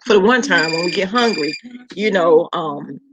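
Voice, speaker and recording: A woman's voice: lowish voice, normal speed, noisy background. A woman hosting her home cooking channel, chatting casually and folksily with viewers and calling them honey and child.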